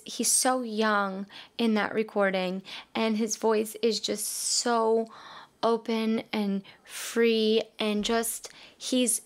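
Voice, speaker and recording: Female reaction vlogger, unhurried delivery, openly emotional and gushing, mid-pitched. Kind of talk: casual reaction commentary.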